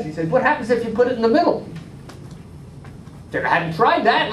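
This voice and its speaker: Older man, high voice, live joke telling, animated character voices, echoey distant recording, faint noise. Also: a little fast. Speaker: club member telling a joke. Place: large room at a club meeting.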